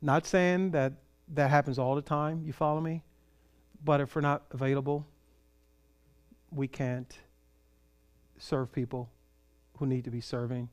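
A man's voice: mid-range voice, unhurried, pauses often. A middle-aged man from California, a pastor telling a story in a sermon and acting out the voices of the people he met. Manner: animated storyteller, acts out quoted voices.

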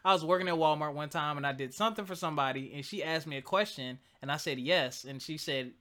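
Wry, bright-voiced man in his thirties. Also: fairly high pitch, fast talker. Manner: wry, laughing storyteller. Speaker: podcast co-host. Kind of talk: casual chat.

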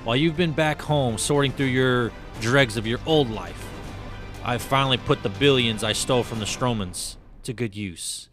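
A man voices a cool, scheming female assassin who talks smugly. His voice is medium in pitch and fairly bright, close to an everyday voice, at a moderate pace, with soft music in the background.

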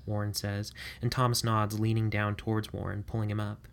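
Low, flat-voiced male storyteller. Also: normal speed, hardly any pauses. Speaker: narrator. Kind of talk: storytelling narration.

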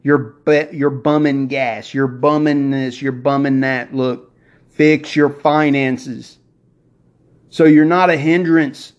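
A man hosting a motivational podcast, preaching excitedly and working himself up as he talks. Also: mid-range voice, slow. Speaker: podcast host. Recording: dull lo-fi recording.

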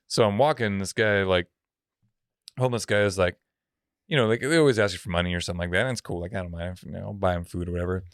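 A man's voice: sits low, fast, no room sound, studio quality. A man co-hosting a podcast, telling a story in casual chat, swearing freely and laughing often. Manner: profane, laughs often, acts out quoted voices. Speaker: podcast co-host.

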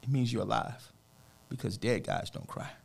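A man's voice: medium pitch, very animated, normal speed, gravelly, darkish tone, husky. A man who is a motivational speaker, telling an emotional personal story as a radio guest in an earnest, preachy way, often saying "man".

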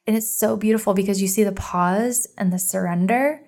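A woman's voice: mid-range voice, a little fast, darkish tone. A woman in her thirties hosting a solo podcast, talking earnestly and encouragingly about trust and surrender. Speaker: podcast host.

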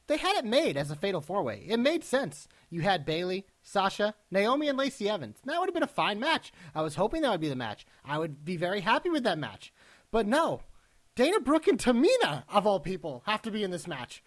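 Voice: medium pitch, wildly swooping pitch, a little fast. A co-host of a wrestling podcast in casual chat, asking exasperated, incredulous questions.

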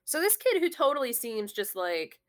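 A woman's voice: on the high side, big pitch swings, moderate pace. A woman in casual conversation, telling a long story with many fillers and restarts. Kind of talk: casual chat.

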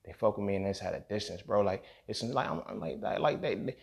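A man talks fast in a lowish voice marked by vocal fry. Hosting his podcast solo, he vents with anger and emotion, emphatic and profane, often checking in with "you feel me."

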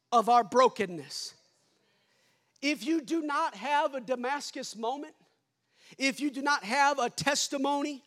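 A man preaching a sermon as pastor, building to shouts and dropping to hushed endings. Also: extremely high pitch.

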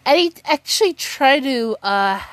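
Woman vlogger rambling on about last night's episode, giggly, kinda high voice, slow and dry. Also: lively intonation, a bit bright, no echo. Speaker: TV show recap vlogger. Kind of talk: casual chat recapping a TV episode.

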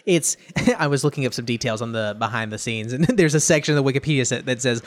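A man's voice: medium pitch, quick pace. A man hosting a movie podcast in casual discussion, laughing often and swearing freely.

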